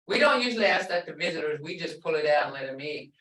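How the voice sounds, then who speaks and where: A middle-aged woman teaching a language class, explaining patiently and repeating words slowly. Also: deep voice, animated, a bit bright. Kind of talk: online language lesson. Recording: roomy sound from a distance.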